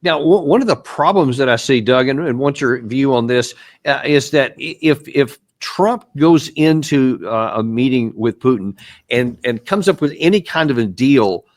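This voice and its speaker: A man's voice: mid-range voice, expressive, normal speed, no room sound. A man in a mid-range voice hosts an interview and poses long conversational questions. His delivery repeats words and restarts phrases, and the recording is dry, with no room sound. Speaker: show host.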